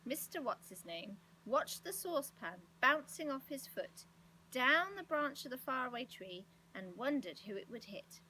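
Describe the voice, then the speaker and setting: A woman reading a children's storybook aloud with expressive, lively delivery. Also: high-pitched, measured pace, slight background noise, poor audio. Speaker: storybook reader.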